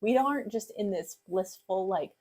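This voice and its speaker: A woman's voice: medium pitch, animated. Affirming woman podcast host. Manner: affirming, quick to agree, acts out parent thoughts brightly. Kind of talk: podcast conversation.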